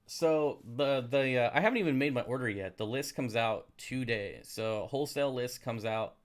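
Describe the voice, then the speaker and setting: A man's voice: mid-range voice, moderate pace. Man, live stream host, casual rambling talk, sarcastic, grumbling. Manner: rambling, sarcastic, easily frustrated. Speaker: aquarium channel live streamer. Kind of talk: casual live stream chat reading comments.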